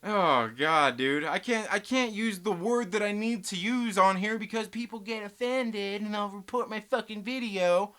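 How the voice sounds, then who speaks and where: A man hosting a live stream, ranting and swearing heatedly while reading chat comments. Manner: swings between loud outbursts and low muttering.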